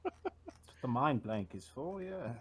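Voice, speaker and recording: A man runs a tabletop game as its game master, and his pitch swings widely as he jokes and laughs with the players. His voice sits at an ordinary middle pitch. There is a faint hiss of background noise under the recording. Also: expressive, normal speed.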